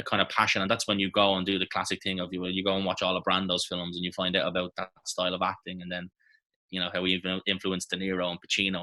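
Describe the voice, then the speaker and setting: An Irish man in his thirties, an actor reminiscing in a relaxed, rambling interview with many fillers and restarts. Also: lowish voice. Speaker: actor guest. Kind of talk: casual interview chat.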